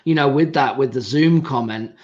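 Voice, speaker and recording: A man's voice: mid-range voice, moderate pace, darkish tone, lo-fi sound. A man with an English accent hosting a casual interview, rambling with lots of fillers and laughing easily. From England. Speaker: podcast host.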